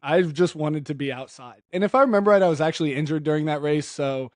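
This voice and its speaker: A man's voice: fairly high pitch, fast talker, a little mellow, dry recording. Teasing young man, dry close sound. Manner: teasing, joking. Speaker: guest, younger brother. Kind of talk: casual chat.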